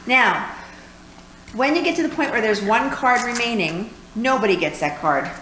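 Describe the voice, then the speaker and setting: A woman's voice: fairly high pitch, animated, moderate pace, sharp tone. A woman from New York co-hosting a casual board game playthrough, chattily explaining rules and cracking jokes at a table at home. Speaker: co-host. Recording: echoey room, faint room noise.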